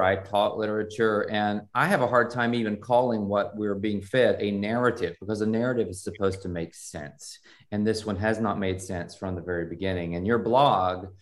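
A man hosting an interview podcast, reading a scripted introduction with strong emphasis and then chatting with his guest. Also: fairly low pitch. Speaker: podcast host.

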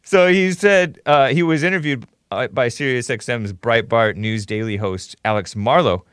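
A man hosts a live-stream commentary show in a loose, scoffing way, thanking viewers by name before he gets into the stories. His voice sits at an everyday middle pitch. It is recorded close and dry, with no room sound. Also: moderate pace, fairly bright tone, clean tone, no echo. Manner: casual, sarcastic, scoffing; thanks viewers and reads donations aloud.

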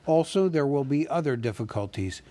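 A man voicing a fussy, polite male hobbit who talks in a businesslike way and squeaks when nervous. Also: expressive, moderate pace, mellow, lightly acted.

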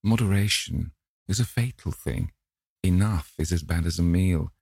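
A man's voice: sits low, moderate pace, gravelly, darkish tone, breathy edge, dry recording, clean studio sound, exaggerated voice. A man as a drawling cynical aristocrat. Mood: wry. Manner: drawling, epigrammatic. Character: witty cynical aristocratic gentleman. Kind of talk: audiobook character voice.

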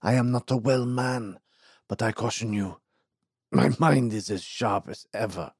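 A man voicing an ailing elderly male mine owner, gruff yet hearty, with a strained, raised old voice. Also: mid-range voice, measured pace, darkish tone, no room sound, studio quality.

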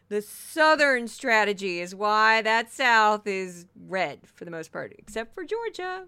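A woman's voice: medium pitch, expressive, unhurried, pushed and bright, clean tone. A woman from Missouri hosting a podcast, commenting sarcastically on news clips. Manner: sarcastic, mocking. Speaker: podcast host.

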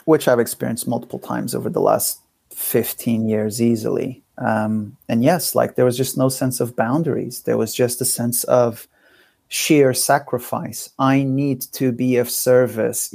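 Gravelly-voiced man reflecting candidly. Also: mid-range voice, level tone, darkish tone, no echo. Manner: thoughtful, candid, speaks in halting phrases with frequent restarts. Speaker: podcast guest. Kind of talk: reflective conversational interview.

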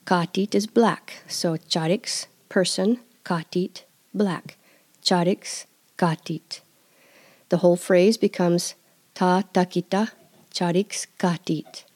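Mellow-voiced woman teaching a language. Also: on the low side, steady tone. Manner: slow careful repetition of words. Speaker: language teacher and podcast host. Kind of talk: language lesson podcast.

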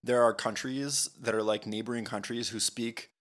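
A man's voice: medium pitch, steady tone, normal speed, fairly bright tone. A man co-hosting a podcast, explaining things in a thoughtful, casual way with frequent fillers. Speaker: podcast co-host.

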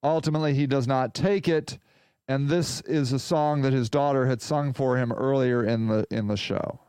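Excitable man hosting a podcast. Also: medium pitch, moderate pace, clear, resonant tone. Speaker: podcast host. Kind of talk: casual podcast chat.

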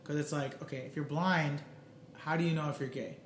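A man co-hosting a casual podcast chat. He talks in an animated way, laughs often and acts out quotes loudly. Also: fairly high pitch, brisk, echoey room, heavy background noise. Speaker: podcast co-host.

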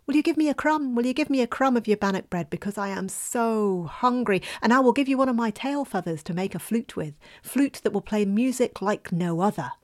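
A woman voicing a small kindly talking bird in a storybook tale, speaking in a gentle, sing-song way. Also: fairly high pitch, fairly quick, few pauses, close to an everyday voice.

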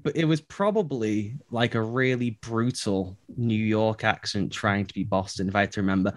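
A man's voice: fairly low pitch, normal speed, dry recording. A man from England with a Liverpool accent, co-hosting a podcast in casual chat and laughing often. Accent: English, Liverpool. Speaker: podcast co-host.

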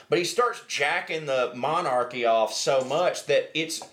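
A man's voice: fairly high pitch, unhurried, few pauses, a bit bright, reverberant. A man casually telling a travel story in a tiny pub room, rambling with lots of "like" and acting out what people said. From United States. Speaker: co-host.

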